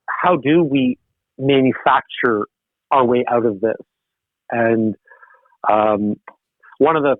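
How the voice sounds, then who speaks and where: A middle-aged man talks as a podcast guest, rambling and animated and often restarting his sentences. His voice comes through a tinny, phone-like line. The sound is dry, with no room around it. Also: mid-range voice, dry recording. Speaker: guest, political missionary. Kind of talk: podcast interview.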